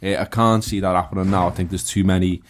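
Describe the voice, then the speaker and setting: A man talks in a low voice, relaxed and joking as he chats football on a podcast. He swears casually. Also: fast talker. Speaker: podcast panelist.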